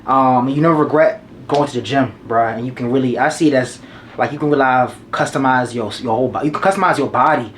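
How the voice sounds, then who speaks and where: Speaking fast in a mid-range voice, a twenty-something man offers slangy, relaxed life advice to the camera and drives his points home by repeating them. A slight hiss or hum sits under the audio.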